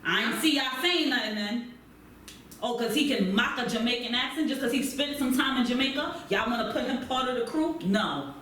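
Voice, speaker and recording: A woman's voice: on the high side, animated, moderate pace, fairly bright tone. Emphatic woman, echoey far-off room. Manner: emphatic, blunt, repeats points for stress. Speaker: podcast co-host. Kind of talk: casual chat.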